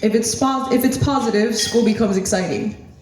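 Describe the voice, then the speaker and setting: A woman in her thirties from the Miami area gives an earnest tribute speech to a former teacher, fighting back tears and laughing nervously. Her voice is slightly high. It echoes heavily around a big hall, picked up from far off the mic. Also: normal speed, darkish tone, a little hiss or hum. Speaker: former student giving a speech. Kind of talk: emotional tribute speech, partly read. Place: hotel banquet hall.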